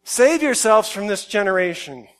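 A man giving a conversational sermon, shifting from quiet reflective musing to loud emphatic outbursts. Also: sits high, expressive, moderate pace. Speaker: pastor.

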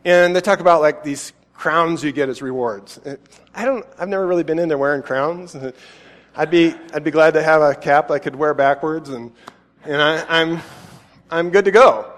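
Chatty preacher with hall echo. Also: male voice, a little high, moderate pace. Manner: casual, chatty, self-deprecating, with many fillers. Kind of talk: sermon.

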